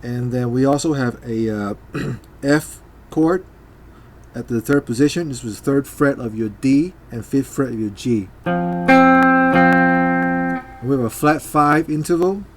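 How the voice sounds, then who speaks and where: A man's voice: mid-range voice, measured pace, long pauses. A man teaching a guitar part in a casual, hesitant way, with many fillers and beats counted aloud. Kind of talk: casual instructional talk. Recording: loud guitar playing behind. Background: guitar playing.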